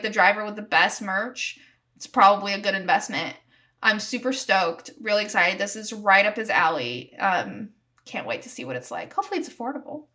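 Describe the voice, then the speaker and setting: A young woman with a slightly high voice hosts her own podcast in loose, casual chat. She rambles cheerfully through snarky hot takes, giggling now and then and peppering her talk with "like" and "um.". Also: a bit bright. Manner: chatty and giggly, heavy use of "like" and "um". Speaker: podcast host.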